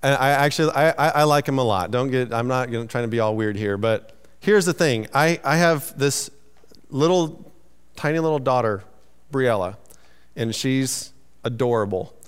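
A man's voice: medium pitch, moderate pace, clean tone, long reverb tail. A man preaching a sermon in a loose, conversational way, teasing himself and restarting his sentences. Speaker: pastor.

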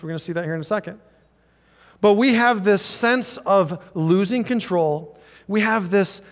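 A male pastor preaching a sermon in an animated way, acting out voices and slowing down for emphasis. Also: high-pitched, in a large hall.

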